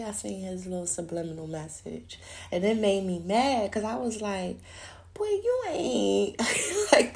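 A woman's voice: on the low side, gravelly, a little mellow. A woman hosting a podcast, talking alone in a rambling, profane, casual way and laughing often. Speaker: podcast host. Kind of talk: casual solo chat.

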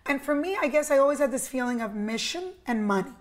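A middle-aged woman from Cuba, raised in New Jersey, with a New York accent, telling her story as an interview guest in a lively, emphatic way. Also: high voice, fast talker. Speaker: interview guest, media executive. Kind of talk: casual conversational interview.

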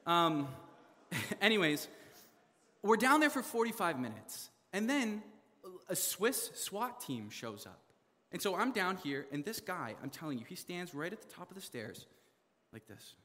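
A young man from Canada telling a funny story in a sermon, animated, laughing often and full of fillers. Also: high voice, a little slow, in a large hall. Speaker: preacher.

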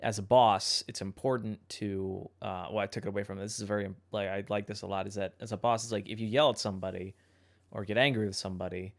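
A young man hosting a podcast in casual chat, thinking out loud in a reflective way and often correcting himself mid-sentence. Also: fairly low pitch, fairly even intonation, fast talker, creaky. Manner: reflective, rambling, self-correcting. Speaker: podcast host.

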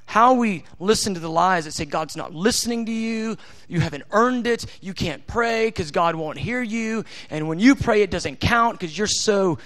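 A man preaching a sermon in an intimate, tender way, at times acting out God's voice softly. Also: high voice, lively intonation, moderate pace.

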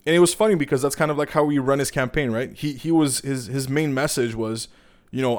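A young man with a Canadian accent rants casually, swearing freely and wandering off on tangents. His pitch sits in the middle range, and he talks in a worked-up, conversational way. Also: a little fast, darkish tone. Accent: Canadian English. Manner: profane, rambling, heated, digresses often. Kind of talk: casual political rant.

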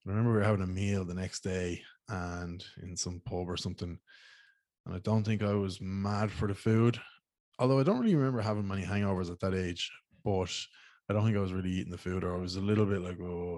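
A man's voice: deep voice, fairly even intonation, fast talker, a little mellow, no room sound. A young Irish man telling rambling, slangy stories in a casual monologue and swearing freely. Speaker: podcast host.

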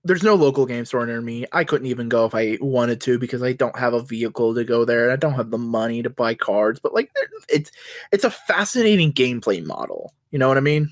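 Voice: mid-range voice, expressive, no room sound, studio quality. A podcast co-host in casual chat, talking bluntly and ranting with lots of swearing. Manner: blunt, profane, quick to rant.

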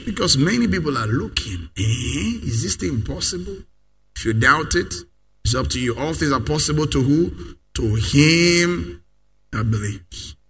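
A man preaching a sermon, leading the congregation in call-and-response and rising to loud declarations. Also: on the high side, lively intonation, a little slow, husky.

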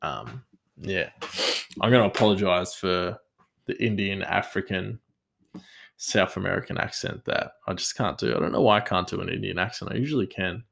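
Gravelly low-voiced Australian man rambling. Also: normal speed, fairly bright tone. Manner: rambling, self-deprecating, laughs often. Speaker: podcast host. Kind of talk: casual storytelling.

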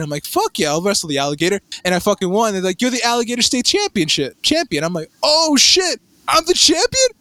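A young man telling a rambling story in casual chat, animated and swearing, with lots of fillers and restarts. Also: high-pitched, no room sound.

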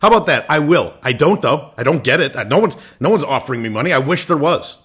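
Male host, blunt swearing rant, bright husky tone, pitched a bit high. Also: lively intonation, fast. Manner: blunt, swears, ranting, many restarts. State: irritated. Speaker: lacrosse podcast host. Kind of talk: opinion rant.

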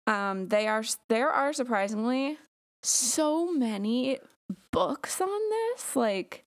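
A woman's voice: on the high side, expressive, takes it slowly. A woman hosting a casual podcast, chatty and giggly, rambling with many fillers. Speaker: podcast host. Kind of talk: casual chat.

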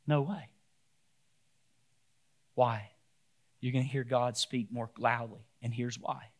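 A pastor preaching a sermon to his church, swinging between loud, animated outbursts and quiet, emphatic points. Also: medium pitch.

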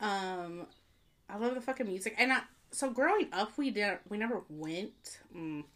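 A woman co-hosting a casual chat, relaxed and rambling, with lots of fillers and casual swearing. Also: mid-range voice, normal speed. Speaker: podcast co-host.

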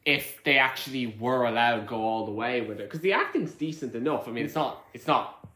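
A podcast co-host casually rambles about a movie, swearing and restarting often. His mid-range voice is sharp and brisk, and the recording has a roomy echo.

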